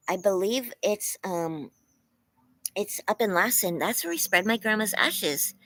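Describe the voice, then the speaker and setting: A young woman from California chatting casually on a livestream from her home, animated and laughing often as she thanks viewers by name. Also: lowish voice, dry recording, low-quality recording. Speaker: livestream host.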